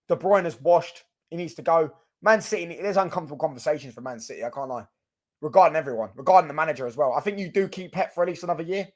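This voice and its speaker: Young fan vlogger, slightly high voice, ranting, repetitive, sweary. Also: male voice. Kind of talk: casual ranting commentary.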